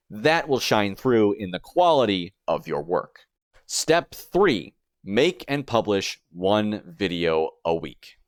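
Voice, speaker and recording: A man's voice: on the low side, no room sound. Man narrating a dry video essay. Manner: explanatory, step-by-step. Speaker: streamer and YouTuber.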